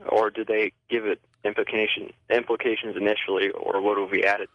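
Male caller, fast and earnest, low voice, muffled phone line. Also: flat delivery. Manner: earnest, asks a long question. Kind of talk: phone call to a radio show.

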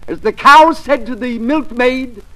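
An actor playing a pompous comedian who tells corny puns, in 1940s radio comedy style. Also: male voice, extremely high pitch, measured pace, bright, forceful tone, heavily acted. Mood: hammy. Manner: pompous, delivers puns with flourish. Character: corny pun-telling male comedian Heathcliff. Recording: noisy old radio broadcast.

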